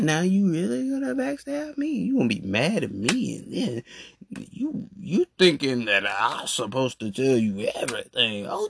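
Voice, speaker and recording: A man ranting casually in a voice message, animated and repetitive with slang. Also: a little high, creaky. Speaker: podcast host. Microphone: phone voice message.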